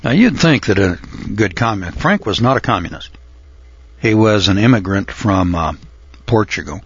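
A man's voice: fairly low pitch, animated, normal speed, dry recording, dull audio. Older man telling a rambling folksy story. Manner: rambling, with frequent uh and throat clearing. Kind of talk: folksy spoken reminiscence.

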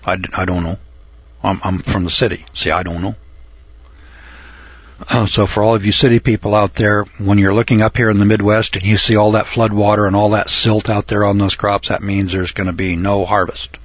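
An older man telling a folksy, rambling story from his youth, often pausing with uh and clearing his throat. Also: on the low side, flat delivery, no echo, dull audio. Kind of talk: folksy spoken reminiscence.

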